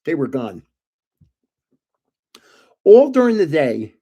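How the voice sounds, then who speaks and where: Older male stream host with a slightly high voice, meandering casual anecdotes. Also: sing-song, takes it slowly, mellow, slightly rough, muffled recording. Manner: meandering, chuckles at his own stories. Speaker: host of a trading card livestream. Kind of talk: rambling casual storytelling.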